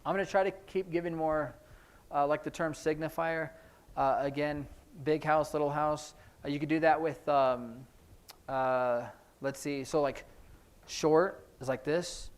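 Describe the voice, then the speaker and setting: Brief: male sign language teacher, slightly high voice, explains as he demonstrates, hurried asides. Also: steady tone. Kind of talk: classroom instruction. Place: church classroom.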